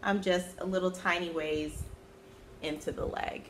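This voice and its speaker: A woman hosting her own knitting podcast, chatting casually about her projects and breaking into sudden high-pitched exclamations. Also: fairly even intonation, unhurried, a little hiss or hum. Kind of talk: casual chat.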